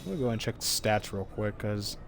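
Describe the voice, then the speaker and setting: A man streaming a video game live, talking to his chat in an excitable way and swearing often. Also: on the low side, brisk, vocal fry, over music. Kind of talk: live-streamed gameplay commentary.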